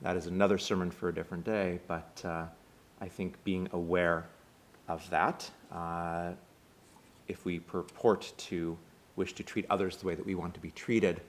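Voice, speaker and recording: A man with an American accent giving a conversational sermon, retelling a film scene with many small pauses. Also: low-pitched, level tone. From United States. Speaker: synagogue speaker.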